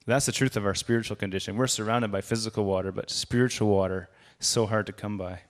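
A man's voice: on the low side, steady tone, fast talker. A man giving a sermon as a guest preacher, speaking conversationally and raising his voice for quoted lines.

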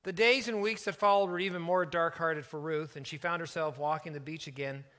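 A middle-aged man preaching in a slightly raised voice. He tells a story in an earnest way and draws down softly at its tender moments. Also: on the high side, fairly even intonation. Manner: earnest, slows and softens for emotional moments. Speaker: pastor. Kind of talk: sermon storytelling.

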